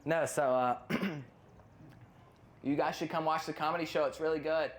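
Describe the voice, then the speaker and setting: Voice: mid-range voice, fairly even intonation, measured pace. A stand-up comedian who rambles through a routine, often losing their place and cutting in on themselves. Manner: rambling, loses place and self-interrupts.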